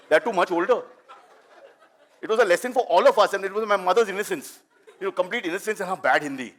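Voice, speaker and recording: Fast-talking Indian comedian, middle-aged man. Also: high-pitched. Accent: Indian English. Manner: animated, chatty, teases the audience. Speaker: stand-up comedian. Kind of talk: live stand-up storytelling.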